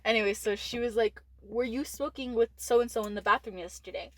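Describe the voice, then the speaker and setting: In a casual storytelling chat, a teen co-host on a podcast talks a little fast with a voice on the high side. Her candid tale is filled with "like" fillers and profanity, recorded with no room sound.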